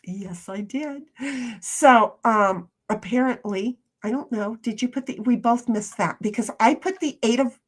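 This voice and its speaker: Woman streamer, fairly high voice, rambling casual chat, lots of restarts. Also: moderate pace, few pauses. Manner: rambling, chatty, with many restarts.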